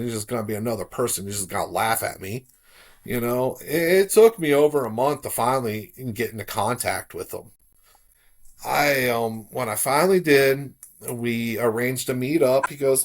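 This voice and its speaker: A middle-aged man from South Florida talks through a personal story as a podcast guest, in an easygoing, conversational way. His voice sits at an ordinary pitch for a man. It perks up when he acts out what other people said. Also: normal speed. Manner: relaxed, animated when quoting others. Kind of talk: casual storytelling.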